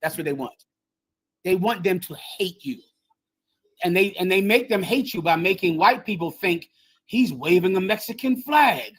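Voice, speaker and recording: A woman's voice: mid-range voice, normal speed, poor audio. A woman holds forth on her own livestream, preaching more than chatting. She hammers her points home and repeats key phrases for emphasis. Her voice comes through a plain video-call mic. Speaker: livestream host and teacher. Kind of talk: impassioned livestream lecture. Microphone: streaming software on a video call.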